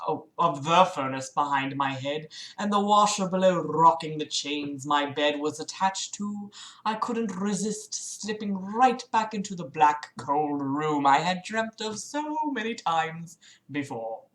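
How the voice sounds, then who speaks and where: This livestream host has a lowish, bright voice and a forceful tone, heard through a streaming mic in a reverberant space. She reads a book aloud dramatically, then interrupts herself with exasperated, sarcastic, swear-heavy mockery.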